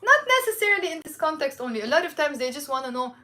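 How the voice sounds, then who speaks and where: A woman with a Lebanese accent giving a casual language lesson, chatty, repeating phrases slowly and checking in with "okay?" often. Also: high voice, sing-song, bright, forceful tone. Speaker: Arabic teacher.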